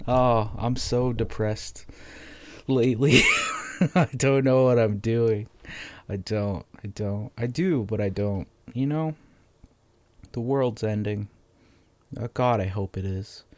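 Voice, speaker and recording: Monotonous sarcastic man ranting. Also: mid-range voice, slow, pauses often, dry recording. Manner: monotonous, deadpan sarcastic, profane. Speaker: podcast host. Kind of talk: casual solo podcast rant. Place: at home. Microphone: microphone on a stand.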